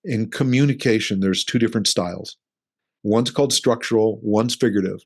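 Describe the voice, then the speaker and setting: A man's voice: lowish voice, fairly quick. A middle-aged man, a relationship coach, talking earnestly in an interview and explaining his ideas with acted-out examples. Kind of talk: casual interview conversation.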